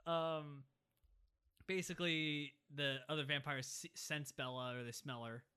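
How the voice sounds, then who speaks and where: A speaker chatting casually about a film, sarcastic, acting out scenes in quick funny voices. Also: mid-range voice, fairly even intonation, sharp tone, smooth. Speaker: co-host of a movie discussion podcast. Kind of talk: casual chat.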